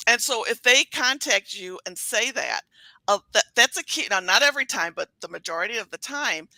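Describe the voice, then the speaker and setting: A woman guest chatting casually, telling animated stories and acting out quotes. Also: fairly high pitch, normal speed, no echo, low-quality recording. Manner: animated storytelling with acted-out quotes. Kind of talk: casual chat.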